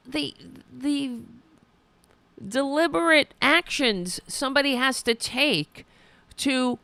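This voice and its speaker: A woman hosting a live political podcast, mocking what she watches and reading out viewer comments. She talks at an unhurried pace in a gravelly, bright voice, and her pitch jumps around a lot as she reacts. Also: expressive, no echo. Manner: sarcastic, mocking, reads viewer comments aloud. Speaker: podcast host.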